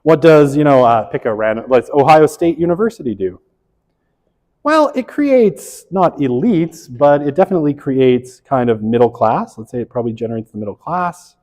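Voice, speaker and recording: A man's voice: medium pitch, lively intonation, normal speed, darkish tone. A middle-aged man giving a casual classroom lecture, peppering it with "right?" and correcting himself with wry asides. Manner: conversational, lots of "right?" tag questions. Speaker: college sociology instructor. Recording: long reverb of a lecture hall.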